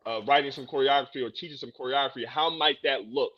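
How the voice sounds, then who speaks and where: A male host on a video call asking long, relaxed questions in laid-back, slangy speech. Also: mid-range voice, fast talker, muffled recording, a crowd in the background. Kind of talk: casual video-call interview.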